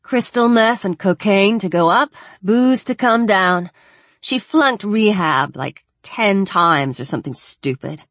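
A woman's voice: medium pitch, animated, slow, fairly bright tone, no echo, voice pushed up. A woman reading an audiobook, voicing a blunt, chatty teenage girl who swears casually.

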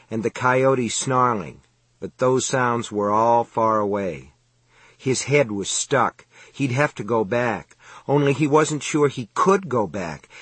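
Male audiobook narrator, husky, dry close recording, steady measured read. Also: mid-range voice, dry recording. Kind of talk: scripted narration.

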